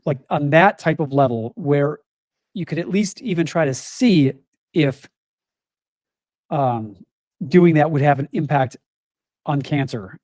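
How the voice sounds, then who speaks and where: A middle-aged man with a slightly higher voice than most men talks openly as an interview guest. His manner is earnest and reflective. The recording is dry and close, with no room echo. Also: unhurried, long pauses, darkish tone. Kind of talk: candid interview conversation.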